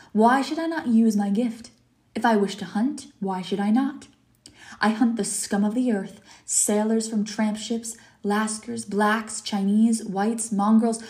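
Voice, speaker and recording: A polished, cruel old general, as a woman reading aloud puts him on, speaking in an unhurried, mocking tone. The voice is mellow and warm, and he sounds amused by his own cruelty. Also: medium pitch, natural voice. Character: suave cruel aristocratic older male general.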